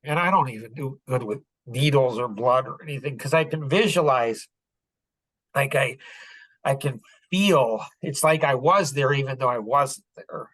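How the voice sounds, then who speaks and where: A man's voice: medium pitch, moderate pace, a bit bright, dry recording. A middle-aged man telling a personal story on a podcast, earnest and rambling, full of "like" and "you know". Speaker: podcast speaker.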